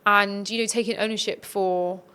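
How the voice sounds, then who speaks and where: A woman's voice: mid-range voice, fairly even intonation, moderate pace, pushed and bright, smooth. Earnest woman giving advice. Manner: earnest, reflective coaching tone. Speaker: podcast guest. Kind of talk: conversational podcast interview.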